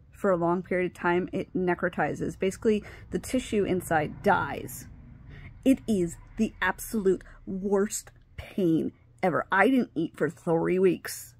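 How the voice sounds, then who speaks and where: A middle-aged woman telling a personal story on her video channel, animated, acting out what others said and sometimes dropping to a whisper. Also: lowish voice, breathy edge. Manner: animated, acts out quoted dialogue, drops to whispers. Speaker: vlogger.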